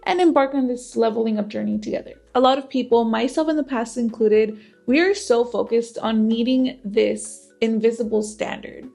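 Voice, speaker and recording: A woman's voice: on the high side, normal speed, creaky, hardly any pauses, warm tone, soft background music. A young woman with a lisp, hosting a casual self-improvement vlog, candid and chatty. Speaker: self-improvement channel host.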